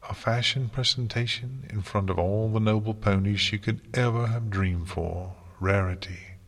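A man's voice: on the low side, steady tone, moderate pace. A man voicing a playful younger princess pony in a storybook reading, idle and teasing. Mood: sly, idle.

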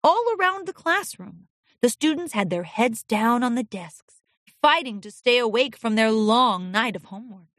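Animated woman reading a storybook. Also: on the high side, moderate pace, no echo, studio quality. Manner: expressive, animated. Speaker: narrator.

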